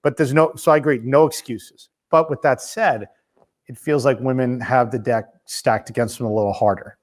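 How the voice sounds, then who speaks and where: A man's voice: mid-range voice, fairly even intonation, normal speed. A man in his fifties hosting a podcast interview, talking casually and restarting his sentences as he thinks aloud. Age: 50s. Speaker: podcast host.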